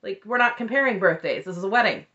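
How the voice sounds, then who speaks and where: Wry, chatty woman host in her thirties, animated delivery, muffled lo-fi recording. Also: mid-range voice, fast talker. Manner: chatty, wry, lively retelling with quoted voices. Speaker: recap host. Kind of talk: casual chat recap.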